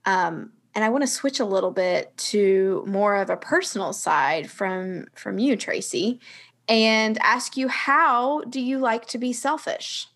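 A woman's voice: medium pitch, a little slow. Encouraging woman podcast host. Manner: warmly encouraging, appreciative. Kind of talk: conversational interview.

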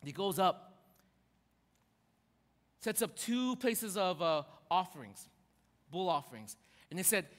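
High-pitched guy preaching, animated storyteller, big echoey hall. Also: slow, long pauses. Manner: animated storytelling with acted quotes. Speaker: pastor. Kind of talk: sermon. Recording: long hall reverb.

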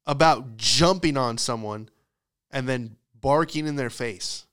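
A man hosting a podcast who tells a comedic story in a profane, exasperated, animated ranting style. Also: medium pitch, unhurried, clean tone. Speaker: podcast host.

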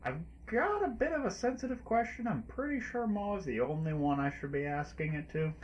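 Lively wheedling player, dull lo-fi sound. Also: mid-range voice, brisk, slight background noise.

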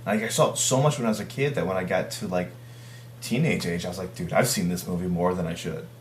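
A man's voice: deep voice, fast, reverberant, a little hiss or hum. A man co-hosting a casual chat, giving blunt, opinionated takes.

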